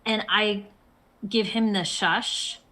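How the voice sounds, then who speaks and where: A woman playing a character in a tabletop game, speaking in a deliberate, measured way. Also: medium pitch, fairly even intonation, bright, forceful tone. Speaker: player. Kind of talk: tabletop role-play.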